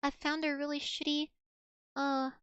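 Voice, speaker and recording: Woman, VTuber streamer, high voice, rambling casual chat, lots of "like" and restarts, dry close sound. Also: flat delivery, measured pace, a bit bright, no room sound, muffled recording. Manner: rambling, filler-heavy, many restarts.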